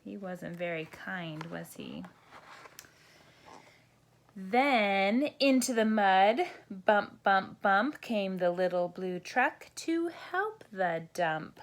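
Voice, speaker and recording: A woman, a teacher, reading a children's bedtime picture book aloud in a gentle sing-song way. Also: medium pitch, expressive, drawn-out words. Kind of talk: children's storybook read-aloud.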